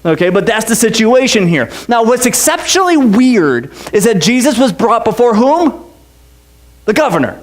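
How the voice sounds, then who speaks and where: High-voiced joking pastor. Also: male voice, sing-song, normal speed. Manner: joking, conversational, many "okay"s and restarts. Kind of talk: casual sermon. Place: church.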